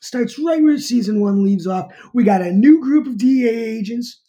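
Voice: mid-range voice, lively intonation, normal speed, dark tone. A middle-aged TV show reviewer talking casually, rambling, with many fillers and restarts.

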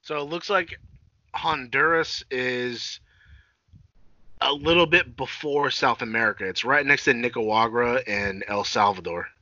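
Joking and swearing through casual banter, this co-host frequently trails off and restarts his sentences. He speaks a little slowly in a sharp, medium-pitched voice, and the sound is dull, lo-fi, and dry.

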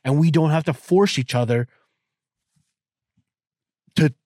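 A man's voice: fairly high pitch, slow, mellow, dry recording, clean studio sound. A man in his thirties hosting a podcast, talking in a crude, profane, rambling way with many restarts. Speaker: podcast host. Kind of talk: casual podcast monologue.

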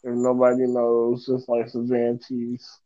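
Slow-talking man with blunt crude retorts. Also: mid-range voice, completely flat delivery, warm tone, dull audio. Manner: blunt, profane, drawn-out retorts. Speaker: podcast co-host. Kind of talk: casual chat.

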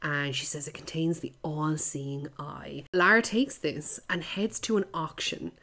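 A woman hosts a casual movie podcast, talking in a lively, sweary way and laughing easily at her own jokes. Her voice sits slightly low for a woman. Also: measured pace. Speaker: podcast host.

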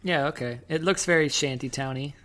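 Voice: medium pitch, fairly quick, a bit bright. Wry, teasing podcast co-host. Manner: teasing, wry, sarcastic quips. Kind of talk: casual podcast chat.

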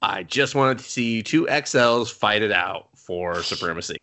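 A man co-hosting a casual podcast chat, talking in an animated way with lots of swearing and mocking put-on quotes. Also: on the low side, unhurried. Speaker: podcast co-host.

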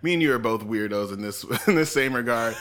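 A man's voice: mid-range voice, lively intonation, brisk, a bit bright. A young man co-hosting a casual chat, laid-back and joking, often laughing. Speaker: podcast co-host.

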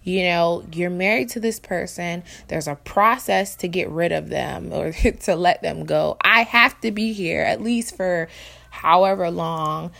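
A woman in her thirties talks in a candid, reflective way, wandering through her thoughts with restarts. Her voice sits low and has a gravelly, creaky edge. It is casual podcast chat with her husband. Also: fairly bright tone. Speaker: podcast co-host.

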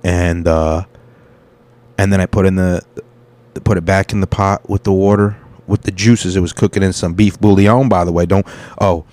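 A man's voice: low voice, steady tone, moderate pace, a little mellow. A man hosting a podcast, telling a rambling, profane story in a casual monologue and acting out the people in it. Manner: rambling, profane, quotes people in his stories. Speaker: podcast host and stand-up comic.

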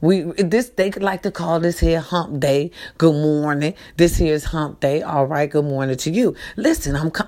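A middle-aged woman with a low voice talks straight to her viewers in a soft half-whisper. She repeats her words again and again, calls everyone y'all, and pleads for their help. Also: moderate pace. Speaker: vlogger. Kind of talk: casual morning vlog talk.

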